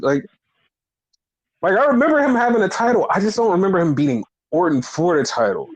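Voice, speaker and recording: Brief: excitable male podcast co-host, casual and profane, pitch leaps when quoting others. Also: fast, breathy edge, poor audio. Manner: animated, profane, acts out quotes. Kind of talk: casual wrestling chat.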